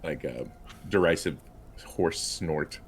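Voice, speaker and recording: A man's voice: very deep voice, takes it slowly, a little hiss or hum. A man playing a tabletop game, describing actions in a rambling, filler-heavy way. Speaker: player. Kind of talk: casual tabletop game play.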